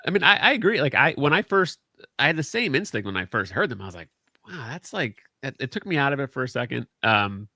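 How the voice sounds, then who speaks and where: A man in casual chat who talks quickly and stumbles, repeating words as he tells a story. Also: medium pitch, sing-song, sharp tone, no echo.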